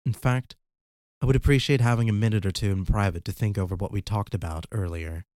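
A man's voice: lowish voice, fairly even intonation, fairly quick, darkish tone, no echo, clean studio sound, close to an everyday voice. A man voicing a guarded young woman patient who speaks politely and hesitantly, in an audiobook.

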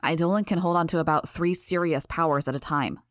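A woman doing a steady young team leader. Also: low voice, brisk, dry recording, clean studio sound, close to an everyday voice. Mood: explaining.

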